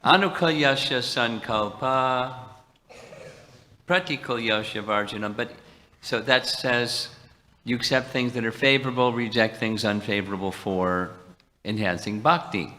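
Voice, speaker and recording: A man's voice: on the low side, little pitch movement, normal speed, bright, forceful tone. A man leading a devotional class, taking questions and explaining with quoted Sanskrit verses. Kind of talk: devotional teaching and Q&A. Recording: reverberant lecture hall.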